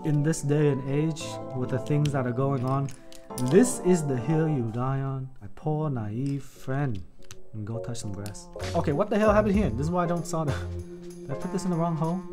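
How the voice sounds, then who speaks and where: A man's voice: fairly high pitch, a little fast. Chatty man with music behind. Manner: laughs often, swears freely, rambles. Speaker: keyboard-building streamer. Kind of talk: casual stream chat while building. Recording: background music under voice.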